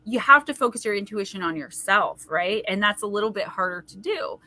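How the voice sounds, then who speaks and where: A woman's voice: mid-range voice, animated, a little fast, no room sound. A woman hosting a live stream, reading oracle cards and chatting casually with viewers in a rambling way. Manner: chatty, rambling, warm-hearted asides to viewers. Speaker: host and oracle card reader. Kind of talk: casual livestream card reading.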